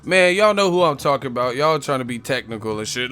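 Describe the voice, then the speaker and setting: A man's voice: mid-range voice, expressive, fast talker, pushed and bright, clear, resonant tone, faint music behind. A man hosting a boxing live stream, ranting casually and profanely with jokes. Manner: profane, laughing, joking. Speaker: boxing channel host.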